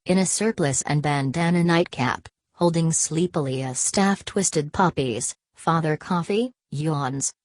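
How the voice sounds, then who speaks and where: A woman narrating a novel aloud in a measured, even reading manner. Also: sits low, no room sound. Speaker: audiobook narrator. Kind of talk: scripted literary narration.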